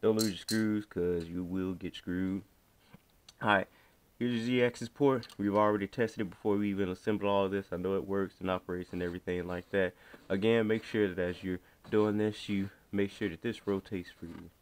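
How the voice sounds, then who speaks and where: A man narrates a hands-on repair tutorial casually, chatty and slangy, talking to himself while he works. His voice sits low, with a steady tone and moderate pace.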